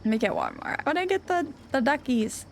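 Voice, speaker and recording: A woman game streamer chatting casually on a live stream, gushing and excitable, rambling with lots of restarts. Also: high-pitched, quick pace, creaky, a little hiss or hum.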